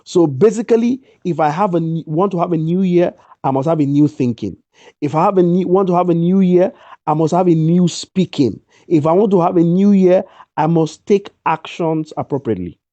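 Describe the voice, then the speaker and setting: A man's voice: a little high, normal speed, mellow, no room sound, highs cut off. A man giving an emphatic motivational talk, repeating his key lines over a video call. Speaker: guest speaker.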